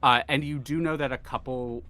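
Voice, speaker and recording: A man's voice: mid-range voice, steady tone, normal speed, bright, forceful tone. Guy running a tabletop game, rambles a bit, lots of uh and like. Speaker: game master.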